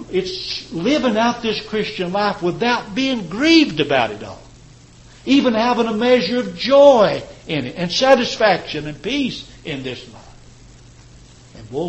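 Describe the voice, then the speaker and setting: A man preaching a sermon, rising to loud, high emphasis and dropping to quiet, slow phrases. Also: very animated, low-quality recording. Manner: impassioned, swelling and dropping in pitch and volume; slows and stretches key words for emphasis.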